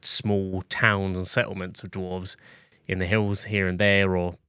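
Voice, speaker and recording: Man, game master, low voice, laid-back narration, dry close mic. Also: a little slow, smooth, dry recording. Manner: relaxed, many "like" and "you know" fillers.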